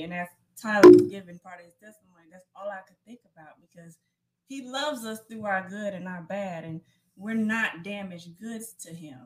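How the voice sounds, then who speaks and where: A woman in a casual faith podcast chat, affirming and animated as she shares a reflection. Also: medium pitch, noisy background. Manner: affirming, animated, unhurried storytelling.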